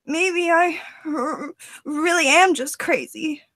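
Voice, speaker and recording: A woman's voice: extremely high pitch, slow, no room sound, voice pushed down, exaggerated voice, poor audio. A woman voicing a distraught, heartbroken teenage boy who stammers and cries out in anguish, for an audition. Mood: anguished, tearful. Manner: sobbing, stammering, shouting in anguish. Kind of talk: voice acting audition.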